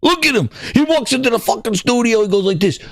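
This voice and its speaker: Loud, excitable man ranting about games. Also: extremely high pitch, fast talker, creaky, no echo, studio quality. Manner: excitable, swears heavily, repeats himself. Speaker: podcast host. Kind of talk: profane ranting gaming commentary.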